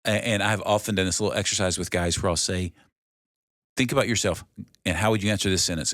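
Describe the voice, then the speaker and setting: A man's voice: deep voice, steady tone, fast, a bit bright, dry recording, studio quality. A middle-aged man co-hosting a podcast in casual chat, reflective and telling stories. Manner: reflective, storytelling. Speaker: podcast co-host.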